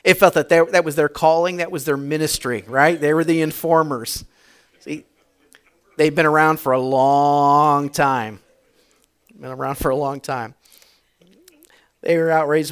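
A man preaching a sermon, telling the story dramatically, shifting between shouts and hushed tones, and putting questions to the congregation. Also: on the high side, steady tone, moderate pace, long pauses, clean tone. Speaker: pastor.

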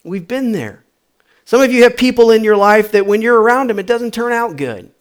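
A man preaching a sermon, telling funny stories from his school days and then pressing his point with animated, rising emphasis. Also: very high voice, moderate pace. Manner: animated storytelling with humor. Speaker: pastor.

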